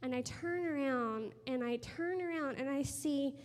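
A high-pitched woman in her thirties preaches with earnest storytelling. She sometimes drops to a hushed voice for emphasis. Her voice rings with the long reverb of a hall. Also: measured pace. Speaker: speaker sharing a testimony. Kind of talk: sermon testimony and prayer. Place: room with a gathered audience.

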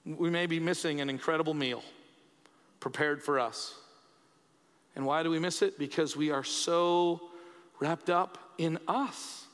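Male pastor, high voice, conversational sermon delivery with repeated emphasis; long hall reverb. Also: measured pace, long pauses, fairly bright tone.

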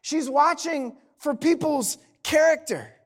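A man's voice: very high-pitched, takes it slowly. A man preaching a sermon in a conversational, humorous way, often checking in with "right?". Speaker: pastor.

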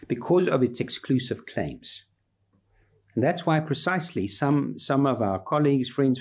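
Husky, animated male preacher. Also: medium pitch. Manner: emphatic, building repeated lists. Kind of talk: sermon.

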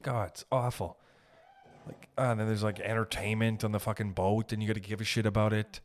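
A man from Canada hosting a podcast, delivering a heated, profane rant and slipping in quick acted quotes of other people. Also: lowish voice, little pitch movement. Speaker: podcast host. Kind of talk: ranting podcast monologue.

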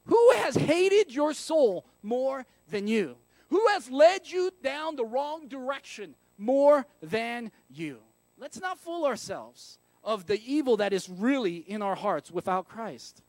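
Man, pastor, sermon, high voice, dry close sound, conversational, rhetorical questions. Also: very animated, slow pace, a little mellow, no echo. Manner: candid and self-deprecating.

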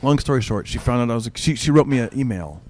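A middle-aged man chats casually, winding through an anecdote with restarts and fillers. He speaks as a comedian would offstage, animated and loose. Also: mid-range voice, fast, slight background noise. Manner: rambling, animated storyteller with many restarts and fillers. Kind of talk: casual storytelling chat.

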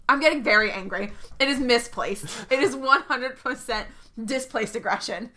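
A woman playing a tabletop role-playing game, describing her character's actions with animated, self-aware humor. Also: fairly high pitch, moderate pace. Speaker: player. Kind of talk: tabletop role-play chat.

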